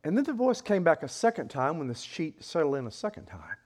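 High-voiced preacher guy, swings his pitch all over, bursts out loud when he acts stuff out. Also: a little fast, breathy edge. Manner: animated, acts out quoted voices with sudden loud high outbursts. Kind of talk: sermon.

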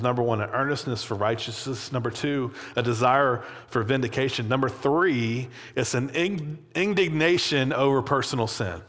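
A man preaching a sermon in a loose, conversational way, often checking in with "right?" and acting out quoted voices. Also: medium pitch. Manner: conversational, animated, frequent "right?" asides. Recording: long hall reverb.

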